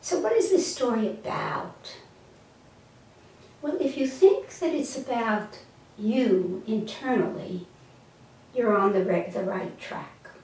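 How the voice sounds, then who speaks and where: A woman telling a parable slowly and gently and then reflecting on its spiritual meaning, with a few small stumbles, recorded from a distance in an echoey room. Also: a little high, animated. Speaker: storyteller and teacher. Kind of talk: slow storytelling and spiritual teaching. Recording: echoey room, mic far off.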